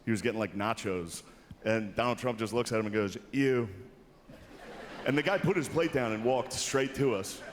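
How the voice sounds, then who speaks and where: A man's voice: lowish voice, a little fast, slight background noise. A man doing a stand-up monologue while hosting an awards show, with a laid-back, self-mocking delivery, in broadcast audio from a large hall.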